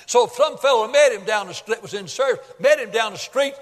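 A male pastor preaching a sermon in a folksy storytelling way, building up to shouts at the high points. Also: fairly quick. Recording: long hall reverb.

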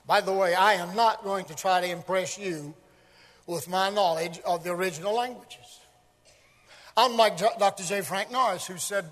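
A man with a high, ringing voice preaches from the pulpit. He swings from quiet murmurs to shouted lines. His voice carries a long echo through a big church sanctuary. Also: normal speed. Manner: dramatic rising and falling emphasis, shouting key phrases. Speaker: visiting preacher. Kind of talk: sermon. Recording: long reverb in a large hall.

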